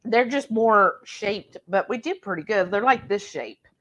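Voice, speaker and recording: A woman co-hosting a live cooking stream, reading viewer comments aloud. She talks slowly and unhurriedly, with plenty of ums. Her voice sits at an ordinary pitch. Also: lively intonation, a bit bright, rough recording. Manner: slow, unhurried, lots of ums. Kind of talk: casual chat, reading out chat comments.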